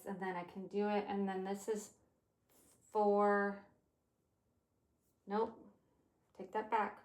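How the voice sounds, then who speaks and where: A woman in her fifties chatting casually as she plans her day out loud, rambling and swearing now and then. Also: mid-range voice, roomy sound. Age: 50s. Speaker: vlogger. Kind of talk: casual day-planning chat.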